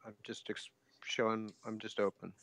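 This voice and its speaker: A man playing a tabletop game who speaks casually and hesitantly, often pausing on fillers. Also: fairly low pitch, little pitch movement, gravelly, a bit bright, slight background noise. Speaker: player.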